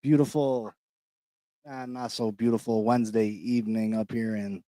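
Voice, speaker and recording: A man hosting a casual sports podcast, talking in hyped-up slang and shouting out people in the chat. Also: on the low side, fairly even intonation, moderate pace, dry recording, clean studio sound. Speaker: podcast host. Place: New York.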